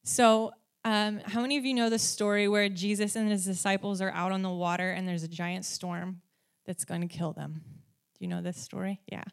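A woman preaching a sermon who asks her audience questions and grows lively, rising in pitch and volume, when she tells stories. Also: normal speed, vocal fry, clean tone.

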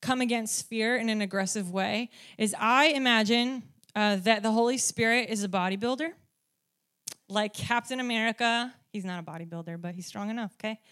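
A woman with a slightly high, fairly bright voice speaks at a moderate pace while giving an informal Christian teaching on faith. She leans heavily on "like" and "um" and keeps asking "right?" and "okay?"

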